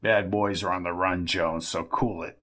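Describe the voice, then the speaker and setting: A man's voice: deep voice, fairly even intonation, moderate pace, a bit bright, voice pushed down. A man voicing an older, boastful schemer who needles everyone in a smug, self-important way. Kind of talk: audiobook character voice.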